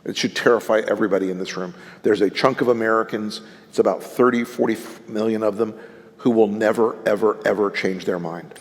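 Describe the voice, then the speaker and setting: A man's voice: lowish voice, fairly even intonation, a little fast. A man, a political strategist, telling blunt, salty stories on stage at a live event and acting out the people he quotes. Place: event stage before an audience. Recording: live event hall reverb.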